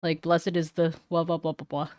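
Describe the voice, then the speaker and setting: Brief: woman streamer, lowish voice, rambling casual chat, dry close mic. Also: little pitch movement, brisk, darkish tone, no echo. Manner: rambling, searches for words.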